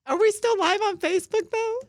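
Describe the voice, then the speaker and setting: A woman co-hosting a podcast, telling stories in a giggly, animated chat. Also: extremely high pitch, a little fast, dry recording, studio quality. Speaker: podcast co-host. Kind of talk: casual storytelling chat.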